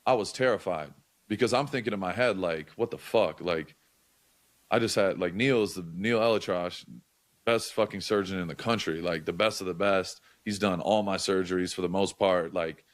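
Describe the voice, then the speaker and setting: A young man with a fairly low voice tells a story in loose, casual talk. He swears freely and keeps circling back with likes and half-finished restarts. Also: moderate pace. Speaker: podcast guest.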